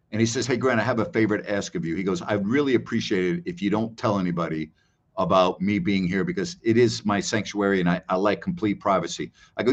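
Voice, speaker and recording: A middle-aged man hosting a live question-and-answer show, telling stories in a casual, rambling way and repeating words for emphasis. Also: mid-range voice. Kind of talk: casual storytelling chat. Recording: dull lo-fi stream audio.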